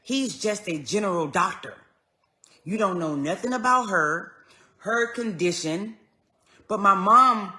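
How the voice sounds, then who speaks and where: Bright-voiced woman telling a story. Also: medium pitch, lively intonation, a little slow. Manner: earnest, conversational, swings between quiet and raised when retelling. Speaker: vlogger. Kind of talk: personal storytelling to camera.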